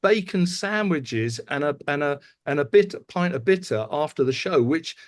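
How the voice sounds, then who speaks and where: A middle-aged man co-hosting a podcast, chatting casually and telling lively anecdotes about touring. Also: fairly high pitch, normal speed. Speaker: podcast co-host. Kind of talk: casual chat.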